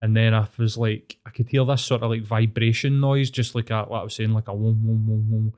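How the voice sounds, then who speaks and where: A man's voice: on the low side, fairly even intonation, brisk, darkish tone, clean tone. Man, Glaswegian accent, casual storytelling, rambling, swears a lot, earnest. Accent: Scottish, Glaswegian.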